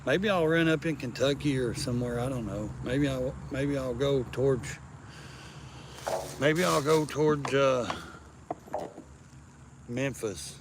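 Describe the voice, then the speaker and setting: A man's voice: mid-range voice, measured pace, long pauses, noisy background. A man chatting casually outdoors, rambling and crude, breaking into baby-talk for the cats around him. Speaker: vlogger.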